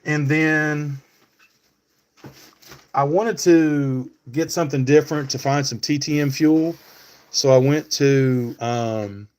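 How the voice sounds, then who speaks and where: A man's voice: mid-range voice, a little mellow. Guy on a live stream just chatting away, lots of ums, talks to his chat. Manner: rambling, thinks aloud with many fillers; talks back to chat viewers by name.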